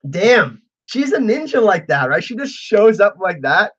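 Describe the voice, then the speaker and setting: A man's voice: sits high, big pitch swings, a little slow, fairly bright tone, breathy edge, highs cut off. A man hosting a casual livestream, chatting with viewers and reading out their messages, laughing often. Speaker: livestream host.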